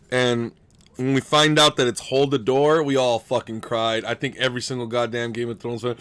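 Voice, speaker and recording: An American gaming streamer plays a card game live, his mid-range voice clear and resonant at normal speed with no echo. Excitable, he swears freely and chats casually with viewers, calling them by name.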